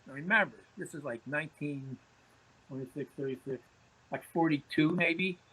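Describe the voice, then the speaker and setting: A man's voice: a little high, normal speed, sharp tone, slightly rough, low-quality recording. A man, a podcast guest telling anecdotes in conversation, often repeating words as he starts phrases. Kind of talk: storytelling in conversation.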